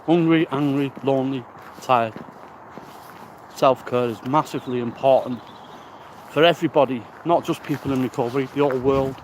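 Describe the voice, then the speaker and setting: A man's voice: medium pitch, normal speed, long pauses. A man, walking outdoors and talking into a handheld phone, out of breath, rambling and blunt with casual swearing. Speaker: recovery vlogger. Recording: outdoor noise, wind and birds.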